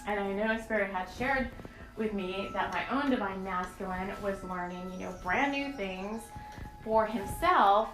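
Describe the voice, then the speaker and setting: A woman's voice: medium pitch, measured pace. A woman hosting a spiritual podcast, talking in an earnest, rambling and emotional way with many fillers. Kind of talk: channeled spiritual podcast talk. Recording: echoey room with soft music.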